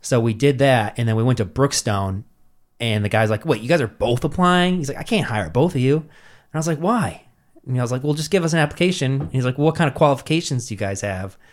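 A young man, telling stories in casual chat and acting out quotes in a jumpy, swearing way. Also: fast. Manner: animated, acts out quotes with jumps in pitch, heavy swearing.

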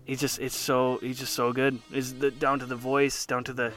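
A man's voice: medium pitch, little pitch movement, normal speed, fairly bright tone, faint music behind. A man co-hosting a casual chat show, talking enthusiastically and rambling with many fillers. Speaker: podcast co-host.

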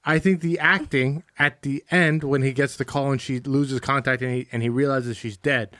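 A man's voice: mid-range voice, steady tone, moderate pace, a bit bright, no echo, studio quality. A young man co-hosting a casual movie chat, brash and teasing with crude humor.

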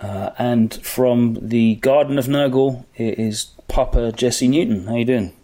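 A young man hosting a casual podcast, relaxed and chatty with lots of filler words. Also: mid-range voice, unhurried. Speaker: podcast host.

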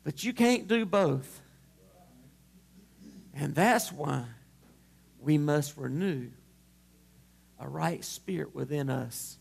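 A male pastor preaching a sermon to his congregation at a church service, impassioned and swelling to shouts. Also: on the high side, takes it slowly, vocal fry, long pauses, slightly rough.

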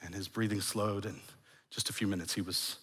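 A middle-aged man preaching a sermon as pastor, earnest, moving from raised emphasis to hushed, soft lines and often restarting his phrases. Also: on the low side, steady tone, brisk, breathy edge. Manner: repeats words and restarts phrases. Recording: long hall reverb.

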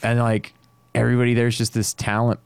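A man working as an audio engineer, chatting casually in a laid-back way, swearing often and getting animated when he quotes people. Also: medium pitch, a little fast, gravelly, clear, resonant tone, no room sound. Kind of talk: casual chat.

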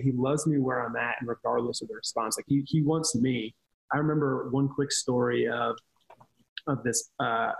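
A man's voice: mid-range voice, vocal fry, rough recording. A man talking casually on a podcast, telling earnest stories about ministry with frequent restarts. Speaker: ministry leader.

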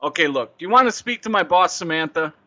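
A man with a bright, slightly raised voice speaks calmly and stubbornly. His delivery is deadpan. The recording sounds a little dull. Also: fairly high pitch, fast, no room sound. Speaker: radio prank show host.

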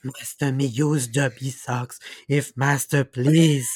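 A man's voice: medium pitch, level tone, slow pace, darkish tone, slightly rough, no room sound, clean studio sound. A man voicing a small, meek and servile male house-elf who talks about himself in the third person.

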